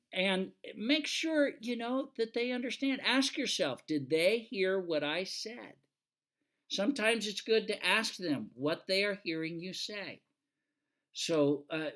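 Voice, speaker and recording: A man's voice: on the high side, fairly bright tone. An older man, a retired fire engineer, giving a casual lecture full of folksy stories and fillers. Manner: folksy, anecdotal, with many fillers.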